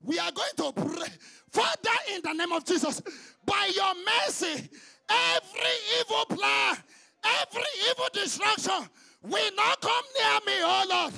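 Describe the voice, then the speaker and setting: A man leading prayer in a very high, gravelly voice, shouting fervent petitions in a chanting rhythm. His tone is sharp and piercing. Between prayers he drops into quieter exhortation. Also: lively intonation, a little slow. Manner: fervent, chanting repeated calls to the Lord. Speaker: prayer leader.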